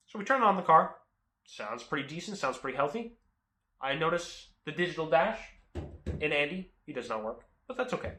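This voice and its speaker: A young man telling a comic car story in an animated, self-mocking way, recorded in a home garage. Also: on the high side, moderate pace, reverberant. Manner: animated, jumps into loud silly voices, self-mocking. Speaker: car vlogger.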